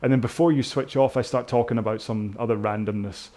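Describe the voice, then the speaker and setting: A British man talks through a rowing session. He mixes technique tips with rambling asides and gently pokes fun at himself. His voice sits in a middle pitch. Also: fairly even intonation, fast. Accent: British English. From Britain. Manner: rambling, self-mocking, chatty. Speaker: rowing instructor. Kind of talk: casual talk over a row-along workout.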